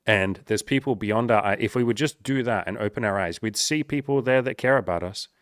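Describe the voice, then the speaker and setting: A man's voice: fairly low pitch, brisk, no room sound, clean studio sound. A man talking as a life coach in casual, earnest advice to the camera, swearing freely and acting out the voices he quotes.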